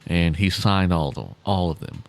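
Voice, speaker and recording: A man's voice: low voice, expressive, moderate pace, vocal fry. A man co-hosting a podcast in casual chat, laughing and stumbling over his words. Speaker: podcast co-host.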